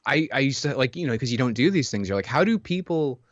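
A man's voice: mid-range voice, expressive, quick pace, no echo, muffled recording. A man chatting casually, telling stories with lots of filler words and laughs. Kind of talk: casual chat.

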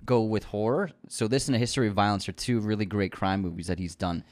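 A man's voice: on the low side, fairly even intonation, fast. A man co-hosting a podcast, chatting casually about movies with enthusiasm and frequent restarts. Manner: enthusiastic, repeats words when starting sentences. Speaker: podcast co-host.

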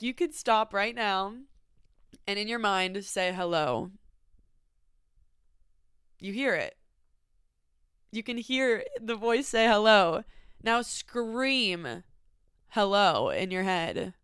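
A woman's voice: mid-range voice, clear, resonant tone, dry recording, clean studio sound. A young woman in her twenties hosting a podcast, talking in a casual, reflective monologue full of fillers. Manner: chatty, many fillers, laughs easily. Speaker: podcast host.

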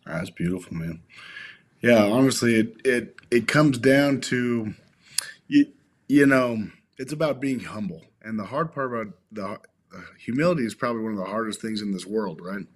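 Thoughtful low-voiced man. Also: moderate pace. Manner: thoughtful, restarting phrases, faith-minded. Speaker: podcast guest, company founder. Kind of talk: reflective conversation.

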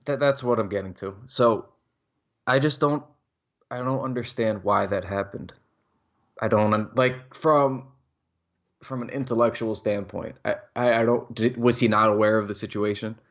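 Ranting young man, low voice. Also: moderate pace, muffled recording. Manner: heated, ranting, swears freely. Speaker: podcast co-host. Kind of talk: casual sports chat.

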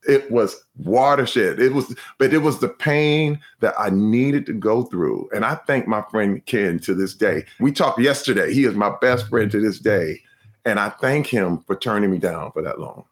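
Male guest, former athlete, expressive storyteller who acts out his own quotes, wide pitch swings. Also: moderate pace. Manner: animated, acts out his own past lines. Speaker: guest, former pro football player. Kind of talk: personal storytelling in an interview.

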